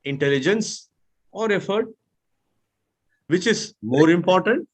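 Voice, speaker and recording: Patiently demonstrating tones for his speaking class on a video call, the mentor, a man with an Indian English accent, sounds animated and high-pitched. His voice is slightly rough, and he keeps a measured pace.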